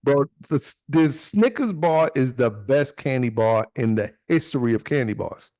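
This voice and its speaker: Loud joking man, lively voice. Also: mid-range voice, unhurried, dry recording, clean studio sound. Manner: loud, excitable, joking, swears a lot. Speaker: podcast co-host. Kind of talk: casual banter.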